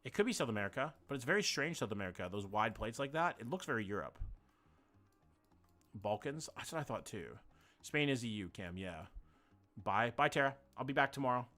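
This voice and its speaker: A man's voice: medium pitch, very animated, a little fast, pushed and bright, faint music behind. A man streaming a game live, thinking aloud, swearing casually and greeting viewers by name. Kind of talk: casual live-stream chat while playing.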